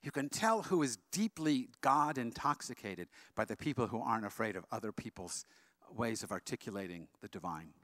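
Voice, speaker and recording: A man speaking at an interfaith event, telling a personal story in a quick, animated way with frequent restarts. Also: mid-range voice, dry recording. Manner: leads the audience in slow sung chant, then tells a story in a quick, animated way. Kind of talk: storytelling talk with sung chant.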